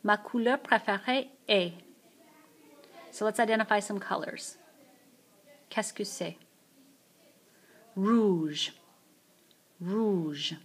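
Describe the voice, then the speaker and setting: Slow, careful woman teaching French vocabulary. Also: mid-range voice. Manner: slow, repeats each French phrase twice. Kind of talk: screencast vocabulary lesson. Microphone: tablet mic.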